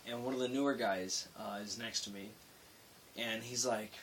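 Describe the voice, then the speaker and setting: A man's voice: medium pitch, fairly even intonation, moderate pace, recorded from a distance. A young man vlogging late at night, telling a work story in a rambling, self-interrupting way. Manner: rambling, self-interrupting, with loud acted-out quotes. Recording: faint hiss, voice a bit off-mic.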